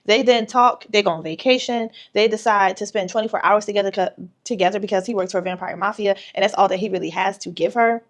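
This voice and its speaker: A woman's voice: mid-range voice, fast talker, hardly any pauses. A woman author giving a casual vlog tutorial, retelling a story animatedly with quoted voices.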